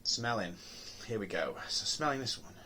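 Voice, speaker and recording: A man's voice: lowish voice, lively intonation, normal speed, bright, forceful tone, slight background noise. A man reviewing beer on his own channel, talking casually and musing aloud with many ums, restarts and rhetorical questions.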